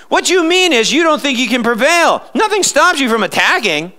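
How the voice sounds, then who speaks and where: A man's voice: very high voice, big pitch swings, moderate pace, hardly any pauses, pushed and bright. A male pastor preaching a live sermon in church, emphatic and fond of sarcastic rhetorical questions.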